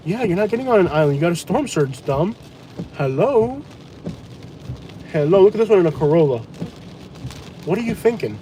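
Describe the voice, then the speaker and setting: A man vlogging live from inside a truck during a hurricane, talking in a blunt, mocking, excitable way. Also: sits high, normal speed, pauses often. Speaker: storm-chasing vlogger. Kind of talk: live storm commentary. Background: rain and wind.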